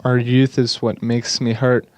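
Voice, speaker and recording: A man giving an earnest, slightly halting English voice-over interpretation of speakers at a conference. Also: mid-range voice, little pitch movement, darkish tone, dry recording.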